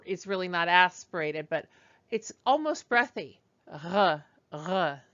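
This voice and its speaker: A woman teaching a beginner French lesson, slowly drilling pronunciation with patient, demonstrative repetition. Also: lowish voice, very animated, sharp tone, clean tone, muffled recording.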